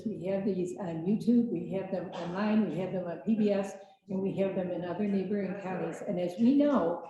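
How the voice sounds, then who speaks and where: A woman's voice: mid-range voice, warm tone, a little hiss or hum. An older woman giving an earnest, emotional public comment at a county legislature meeting. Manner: earnest, grows emotional and pleading. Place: large legislative chamber. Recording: dull echoey chamber audio.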